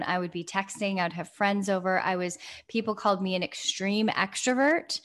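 A young adult woman co-hosting a podcast, talking in an effusive, emphatic casual chat and repeating phrases for stress. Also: mid-range voice. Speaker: podcast co-host.

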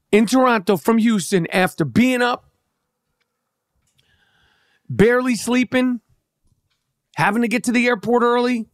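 A man's voice: very high voice, no room sound, studio quality. A man with a New York accent hosting a podcast, ranting heatedly with lots of profanity and stammered restarts. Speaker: podcast host. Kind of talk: casual monologue rant.

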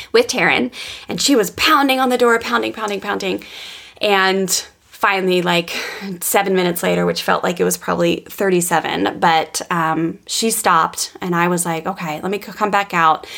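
Gravelly-voiced woman podcast host. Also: medium pitch. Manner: animated, self-correcting, quotes herself. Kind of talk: casual storytelling chat.

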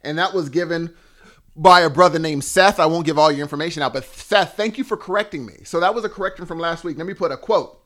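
A man's voice: a little high, fast talker, a bit bright. A man co-hosting a podcast, talking casually, correcting himself and thanking listeners with a self-mocking tone. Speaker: podcast co-host.

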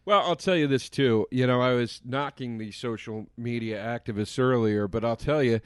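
A man's voice: medium pitch, moderate pace, clear, resonant tone, dry recording, studio quality. A man in a casual podcast chat, ranting passionately and swearing freely. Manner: impassioned, profane ranting.

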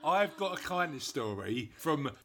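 A man's voice: a little high, big pitch swings, unhurried, crowd noise. A man co-hosting a casual podcast, upbeat and chatty, often repeating his phrases. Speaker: podcast co-host. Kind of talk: casual chat.

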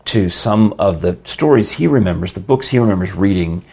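Gravelly low-voiced male podcast host. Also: expressive, brisk, a little mellow. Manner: chatty, rambling, laughs easily. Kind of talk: casual chat with ad read.

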